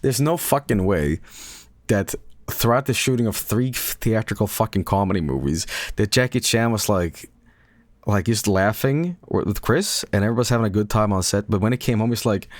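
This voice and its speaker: A man's voice: fairly low pitch, normal speed, no echo. Guy streamer rambling late at night, cursing, tripping over words, very dry mic. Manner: animated, swears often, stumbling restarts, frequent laughter. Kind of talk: casual late-night chat.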